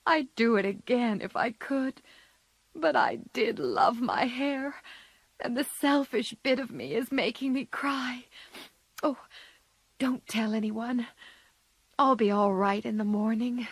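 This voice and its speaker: A spirited, impulsive teenage girl, voiced by a woman reading aloud, earnest and emotional in a storybook reading. Slow, close and dry. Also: on the high side, husky, no echo, voice pushed up, full character voice.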